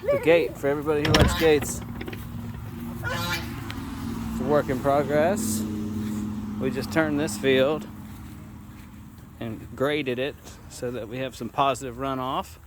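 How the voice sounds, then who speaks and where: Slow-talking man on a noisy farm tour. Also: steady tone. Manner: chatty, talks to the animals in a higher coaxing voice. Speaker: vlogger giving a farm tour. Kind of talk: casual walking tour narration. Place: outdoors on a small farm. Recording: noisy outdoor recording with farm animals. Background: geese honking and farm animals.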